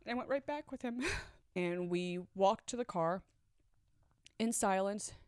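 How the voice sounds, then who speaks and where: A woman's voice: mid-range voice, measured pace, a little mellow, clear, resonant tone, no echo, clean studio sound. Candid woman telling a painful story. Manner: candid, reflective, with nervous laughs. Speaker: storyteller sharing a personal story. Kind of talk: confessional personal storytelling.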